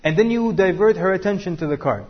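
A man's voice: high-pitched, lively intonation, fast, husky, muffled recording. A man teaching a class, joking and asking the room questions. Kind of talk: interactive class talk with students.

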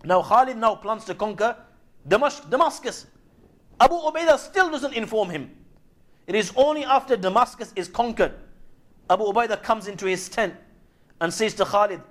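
A male preacher delivering a sermon that retells Islamic history in measured storytelling, with frequent Arabic honorifics. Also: sits high, fairly bright tone.

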